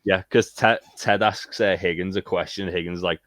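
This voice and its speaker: A man co-hosting a casual podcast chat, relaxed and often restarting his sentences. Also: low voice, normal speed, dry recording. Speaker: podcast co-host.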